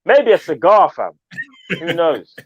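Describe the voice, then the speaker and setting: A man's voice: on the high side, measured pace, breathy edge, dry recording. A man co-hosting a fan show, chatting casually with slang and frequent laughter. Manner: animated, laughs a lot, slangy. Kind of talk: casual football banter. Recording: dull dry sound.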